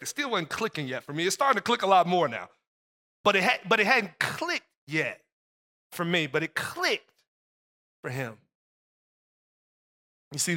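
A man's voice: high-pitched, sharp tone, long reverb tail. A man preaching a sermon as pastor, telling a personal story and repeating phrases for emphasis.

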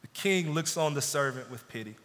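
A man's voice: a little high, expressive, fairly quick, a bit bright. A man preaching a sermon as pastor, building in intensity and dropping into pleading asides. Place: church sanctuary. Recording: long church reverb.

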